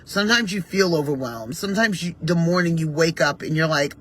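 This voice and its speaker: Husky woman giving morning encouragement. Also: sits low, brisk. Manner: warm, reflective, conversational, with gentle faith references. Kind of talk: casual motivational talk.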